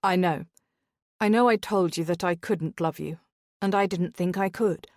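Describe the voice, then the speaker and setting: A woman reading a romance audiobook, voicing a sincere young nobleman in a tender, slightly lowered voice. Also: moderate pace, darkish tone, dry recording, clean studio sound, lightly acted. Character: earnest devoted young nobleman, a reformed rogue.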